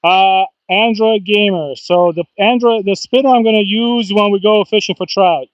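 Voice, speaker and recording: High-pitched guy chatting on a fishing livestream outside, dry muffled sound, gets excited easy. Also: normal speed, dry recording. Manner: excitable, chatty, bursts into whoops and laughs. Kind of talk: casual live-stream chat. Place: outdoors by the water.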